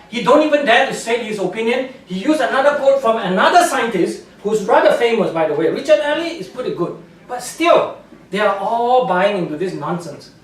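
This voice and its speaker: A man with a very high voice lectures an audience, animated and scornful, and laughs at his own points as he goes. His English has loose, non-native grammar. He sounds far from the mic, and the hall rings with a strong echo. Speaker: guest speaker, scientist. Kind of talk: public lecture with slides.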